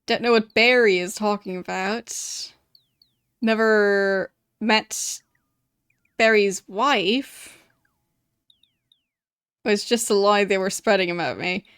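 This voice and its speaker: A woman's voice: medium pitch, slow pace, long pauses, a bit bright, no echo. A woman putting on a cagey old gravedigger man. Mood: evasive. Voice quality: defensive, evasive rambling. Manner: puts on a thick gruff accent. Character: scruffy but dapper male graveyard keeper.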